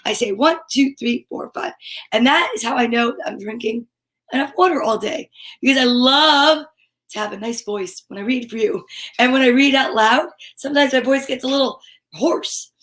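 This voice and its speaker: Woman, middle-aged, high voice, bubbly, animated, children's story time host, webcam live stream. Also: normal speed. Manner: bubbly, animated, reads out viewer comments and names.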